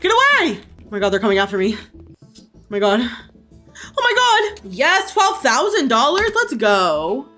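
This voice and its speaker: A young woman streamer giving casual gameplay commentary, excitable, gasping and swearing freely. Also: a little high, a little slow, soft background music.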